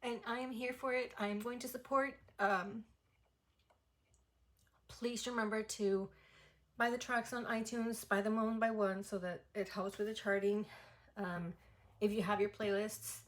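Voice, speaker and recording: A woman's voice: mid-range voice, fairly even intonation, moderate pace. A young woman chatting through a casual album review, full of "like" fillers and gushing enthusiasm. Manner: chatty and effusive, many "like" fillers. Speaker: music reaction vlogger.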